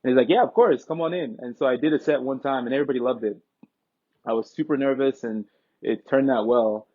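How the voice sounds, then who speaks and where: A young man from Nigeria, telling stories as an interview guest in a relaxed, joking way. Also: medium pitch, fast talker. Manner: relaxed, joking, breaks into quoted dialogue. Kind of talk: casual interview storytelling. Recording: tinny phone-like line.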